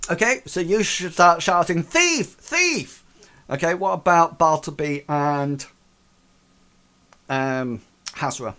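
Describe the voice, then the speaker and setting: A man's voice: a little high, fairly even intonation, slow, long pauses, fairly bright tone. A man narrating as game master, with loose rambling phrasing and many fillers.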